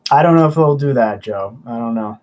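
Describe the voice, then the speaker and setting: Expressive and a bit fast, this young man speaks at a medium pitch with a slightly mellow quality. He hosts a casual livestream, chatting loosely, answering comments, and rambling with stumbling restarts.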